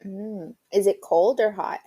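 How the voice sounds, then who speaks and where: Unhurried woman playing a tabletop game. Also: medium pitch, dark tone, slightly rough. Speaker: player. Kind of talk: casual tabletop play.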